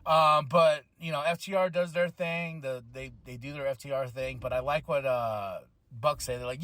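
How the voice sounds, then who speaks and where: A man hosting a podcast, recapping a wrestling show in casual chat, excitable and full of fillers, acting out what people said. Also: mid-range voice, normal speed, few pauses. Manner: excitable, acts out quotes with voices, many fillers. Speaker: podcast host.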